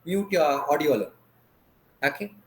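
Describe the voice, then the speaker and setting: A man's voice: fairly high pitch, animated, moderate pace, echoey room, background noise. A man teaching a dance class over a video call. He patiently asks questions and has the students repeat each term after him.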